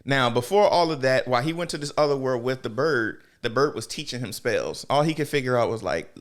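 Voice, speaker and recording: A man co-hosting a podcast, telling stories in a casual, slangy, animated way, swearing freely and acting out quotes. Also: medium pitch, brisk. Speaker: podcast co-host. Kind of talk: casual storytelling chat.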